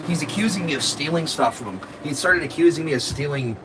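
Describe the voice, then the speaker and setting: A man's voice: on the high side, fast talker, noisy background. A man, a live streamer, telling his viewers a story in a rambling, profane and aggrieved way.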